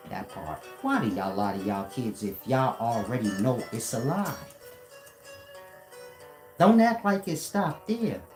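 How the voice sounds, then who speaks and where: Man, casual rant, profane and confrontational, echoey room, soft guitar faintly behind. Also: high-pitched. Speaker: commentator. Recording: roomy echo.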